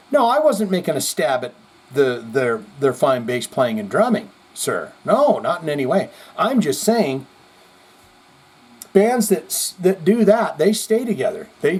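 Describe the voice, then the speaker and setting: A male podcast host with a slightly rough mid-range voice reads viewer comments in casual, rambling live-chat commentary. He's animated and profane, swinging between loud outbursts and mutters.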